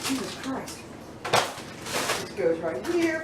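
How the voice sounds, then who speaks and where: A high-voiced woman chatting through a home cooking vlog, unhurried and giggly, talking to her pets between steps. She sounds set back from the mic in an echoey kitchen with faint room ambience behind her. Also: expressive, distant mic, very noisy. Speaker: cooking vlogger. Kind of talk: casual cooking vlog chat.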